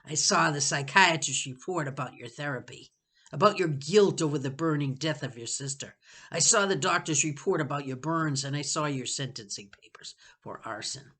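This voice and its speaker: A woman's voice: sits low, normal speed, fairly bright tone, slightly rough. A woman voicing a cruel, sneering boy who taunts and gloats over his words, in a storybook reading. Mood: low strained.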